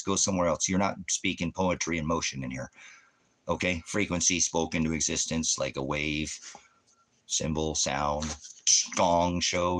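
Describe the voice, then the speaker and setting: Ministry host, male, angry profane ranter, low-pitched tense voice, combative. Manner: angry, scornful, loud and combative. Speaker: ministry host reading viewer comments. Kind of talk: profane livestream rant.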